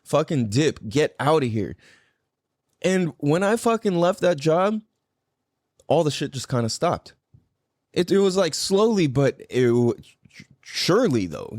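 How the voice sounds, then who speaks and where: A man's voice: medium pitch, no echo, studio quality. A man hosting a podcast in casual chat, rambling and swearing a lot, with plenty of "like" fillers. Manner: rambling and heavily profane, full of "like" fillers. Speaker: podcast host.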